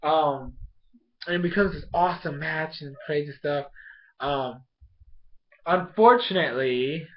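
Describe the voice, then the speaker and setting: Excitable rambling young guy, dull lo-fi sound. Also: on the high side, unhurried, long pauses. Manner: rambling and excitable, lots of fillers and restarts. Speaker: anime episode reviewer. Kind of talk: casual recap and review. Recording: dull lo-fi home recording.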